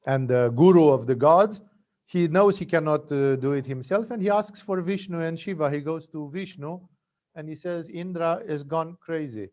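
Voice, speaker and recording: A man's voice: on the high side, moderate pace, darkish tone. A man teaching yoga, telling stories in a conversational spiritual talk with frequent tag questions.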